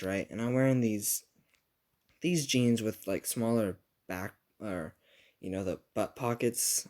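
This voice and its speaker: Profane rambling young man, lowish voice. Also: darkish tone. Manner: rambling, profane, self-mocking. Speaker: storyteller recounting a school story. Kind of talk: casual storytime vlog.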